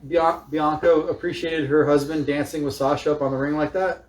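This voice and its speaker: A man's voice: fairly high pitch, fairly even intonation. Echoey, eager chiming-in man. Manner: chimes in with quick agreement and questions. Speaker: podcast co-host. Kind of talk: casual wrestling chat. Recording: echoey room with noise.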